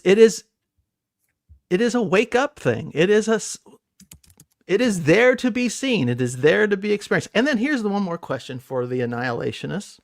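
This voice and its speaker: A man with a high, very animated voice challenges the host with pointed questions. His sound is dry and close, with no room around it. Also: no room sound. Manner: poses probing questions to the host. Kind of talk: casual theological discussion.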